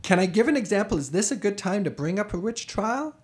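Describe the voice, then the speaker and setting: A man co-hosting a podcast, telling a history story in a chatty, animated way with frequent restarts. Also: sits high, a little fast. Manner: animated, chatty, self-correcting. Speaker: podcast co-host. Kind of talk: casual conversational storytelling.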